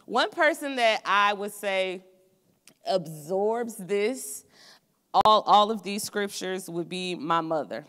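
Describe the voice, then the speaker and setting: A woman's voice: mid-range voice, expressive, takes it slowly, fairly bright tone, long reverb tail. A young woman giving a student sermon in a college chapel, telling stories from her own life in an earnest, conversational way. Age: young adult. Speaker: student preacher.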